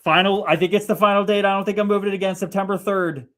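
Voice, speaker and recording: A man's voice: high-pitched, fairly even intonation, fast, fairly bright tone. A man in his thirties hosting a casual livestream, swearing freely and mixing hype with preachy spiritual talk while reading out comments. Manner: profane, hyped-up, preachy spiritual lingo. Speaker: livestream host. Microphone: streaming mic.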